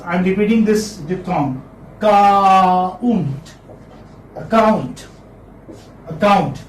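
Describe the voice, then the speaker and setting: High-voiced male lecturer in echoey classroom. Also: warm tone, distant mic. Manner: repeats words slowly, asks "hmm?" to check students. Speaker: phonetics lecturer. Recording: echoey room, mic from afar, faint noise.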